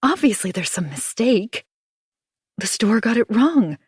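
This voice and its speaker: A woman reader voicing a frantic young woman who pleads her innocence in a raised, high voice. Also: big pitch swings, a little slow, breathy edge, no room sound, clean studio sound, exaggerated voice. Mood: frantic pleading.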